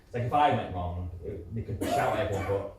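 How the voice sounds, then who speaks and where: A man in his thirties talks candidly as a guest at a live interview, his speech full of fillers and restarts. His voice sits a little low, and it comes from a distant mic in a very echoey hall with a faint noise underneath. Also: animated, fast. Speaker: interview guest, musical theatre performer. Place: community centre hall before an audience.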